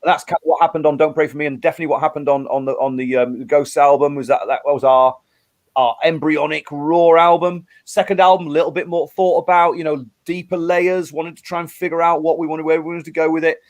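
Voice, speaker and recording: A middle-aged English rock musician talking earnestly in a casual interview, often restarting and repeating words. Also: male voice, fairly high pitch, little pitch movement, fast. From England.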